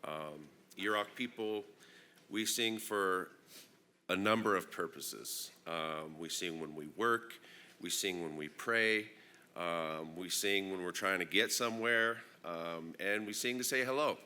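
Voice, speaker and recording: A man from Northern California, congested with a plugged-up nose, giving an unhurried, reflective opening talk at a conference with many ums. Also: low-pitched, pushed and bright, clean tone. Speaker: invited opening speaker. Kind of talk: personal address at a conference plenary.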